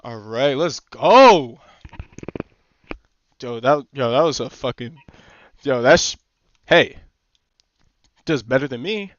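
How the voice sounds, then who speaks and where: A young man streaming a game, chatting casually with teammates, excitable, swearing and laughing often. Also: mid-range voice, slow, long pauses, no room sound. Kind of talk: casual gaming chat with teammates. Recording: slightly muffled dry stream mic.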